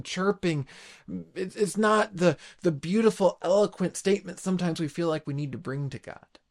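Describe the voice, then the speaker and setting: A man in his late thirties preaching a sermon, earnest and halting, often restarting his sentences. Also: fairly high pitch, creaky. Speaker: pastor.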